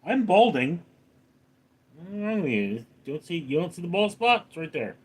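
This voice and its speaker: A man hosting a casual livestream, reading chat comments aloud and answering with deadpan, sarcastic replies. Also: a little high, moderate pace, slightly rough.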